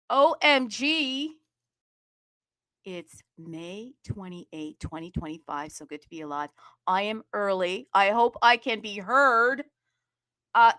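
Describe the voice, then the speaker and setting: A woman's voice: medium pitch, bright, forceful tone, dry recording. Sassy bubbly woman hosting a live audio chat, mid voice, dry close mic. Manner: sassy, playful, bubbly hype talk.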